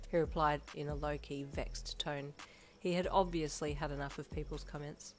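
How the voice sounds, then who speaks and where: A woman reading second-person fanfiction aloud, narrating in a steady, even storytelling voice. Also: deep voice, moderate pace, few pauses. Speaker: fanfiction reader. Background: soft background music.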